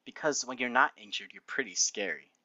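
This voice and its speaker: A man's voice: mid-range voice, brisk, bright, forceful tone, dry recording, muffled recording. A man playing a playful young caretaker in a fan fiction reading, teasing and over the top. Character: young man caring for an injured pony.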